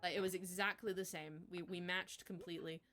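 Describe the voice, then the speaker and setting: A woman in her twenties streaming live, telling a story in casual chat, animated, swearing freely and laughing as she goes. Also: lowish voice, a little fast, soft background music.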